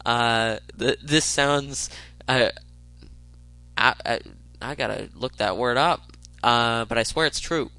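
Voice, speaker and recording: A man hosting a laid-back show, reading funny stories aloud. His voice is bright and forward, and he chuckles and stumbles between quick bursts of reading. The sound is dry and close. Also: medium pitch, clean tone, no echo, poor audio. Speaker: podcast host.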